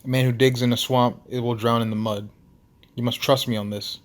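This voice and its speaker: A man's voice: mid-range voice, level tone, a little fast, lightly acted. Nikolai, a man putting on a menacing Russian giant. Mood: grave. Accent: attempted Russian. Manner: gruff, threatening, clipped. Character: massive menacing male lighthouse keeper with Russian accent. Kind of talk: reading a story game aloud.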